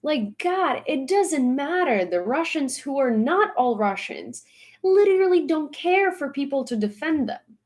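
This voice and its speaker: A woman's voice: high voice, sing-song, unhurried, darkish tone. Emphatic woman ranting on a vlog. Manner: emphatic, repeating points for stress; exasperated, blunt. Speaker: social media commentator. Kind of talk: casual vlog rant.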